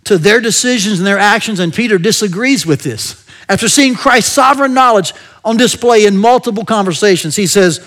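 High-voiced man preaching a conversational sermon. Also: brisk. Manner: engaging, asks the listeners rhetorical questions often; drops to a soft murmur at the end of many phrases.

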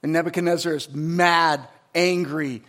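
A man with a notably high voice for a man, preaching a sermon. He shifts from steady teaching to fervent, emphatic preaching and often poses rhetorical questions to the congregation. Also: measured pace. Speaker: pastor.

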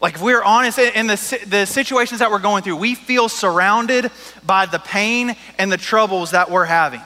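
High-voiced guy preaching a sermon, chatty and jokey, church room with a long echo. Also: normal speed, pushed and bright. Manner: casual and joking, with lots of "like" and "right?". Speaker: pastor.

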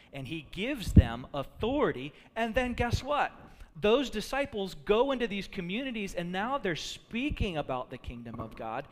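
Pastor guy preaching, kinda high voice, gets really animated telling the story, big echoey hall. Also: a little hiss or hum. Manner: animated storytelling, acting out quotes. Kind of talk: sermon. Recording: long reverb of a large hall.

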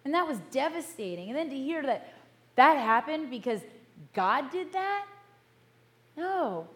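A middle-aged woman pastor giving a sermon in an earnest, measured way, slowing down to stress key words. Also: sits high, very animated. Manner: earnest, measured, slows for emphasis.

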